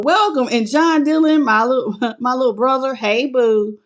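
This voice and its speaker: A woman's voice: high-pitched, moderate pace. A woman giving a live tarot reading who greets viewers by name, calls them baby, and laughs often. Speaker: tarot reader.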